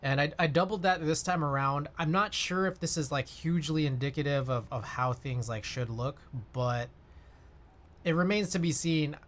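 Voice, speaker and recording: A man with a fairly high, slightly bright voice talks at normal speed on his livestream. He rambles casually, fills his speech with fillers, and reads the chat aloud as he answers it.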